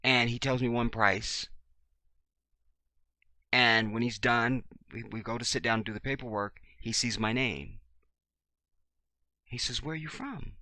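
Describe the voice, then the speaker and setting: A man, talking to his viewers in an animated monologue and acting out the voices of the people in his stories. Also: mid-range voice, unhurried, pauses often, no echo. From Chicago, USA. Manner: animated storyteller, acts out dialogue, swings loud and soft. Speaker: video blogger. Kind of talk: casual monologue to camera.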